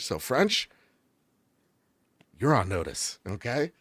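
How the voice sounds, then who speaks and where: A man's voice: medium pitch, expressive, a little slow, a bit bright, no room sound. A man co-hosting a gaming show in casual chat, enthusiastic and jokey, rambling as he raves about games. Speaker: gaming podcast co-host.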